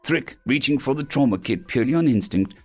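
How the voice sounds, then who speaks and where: A man narrating science fiction stories as an audiobook reader, animated and putting on voices for the characters. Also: medium pitch, fairly quick, soft background music. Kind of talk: scripted narration of sci-fi stories.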